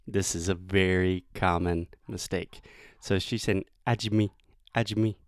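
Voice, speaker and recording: A man with a Southern US accent, an English teacher giving pronunciation feedback and slowly modelling the sounds. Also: low voice, level tone, clear, resonant tone, no echo.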